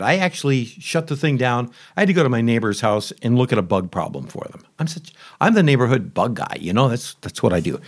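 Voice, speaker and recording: A man telling a casual, rambling story to camera about testing a new mower, chatty and full of asides and grumbles. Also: a little high. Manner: chatty, conversational, self-interrupting. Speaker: homeowner reviewing a lawn mower.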